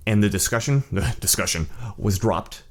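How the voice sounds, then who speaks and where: Blunt, animated man telling a story. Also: on the low side, moderate pace. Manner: animated, blunt, swears, frequent restarts. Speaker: channel host. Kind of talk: casual storytelling monologue.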